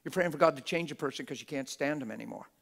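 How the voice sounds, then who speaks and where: This man has a gravelly, fairly bright voice with a fairly high pitch, and he talks fast. At a church gathering he preaches a live sermon in a conversational manner, throwing out rhetorical questions and performing the voices of people he quotes.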